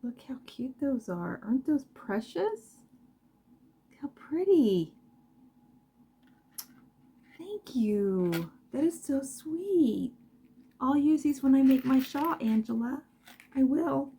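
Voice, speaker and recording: A woman's voice: high voice, a little slow, mellow, a little hiss or hum. A woman crochet vlogger chatting casually as she unboxes yarn at home, gushing and talking straight to her viewers. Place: home craft room.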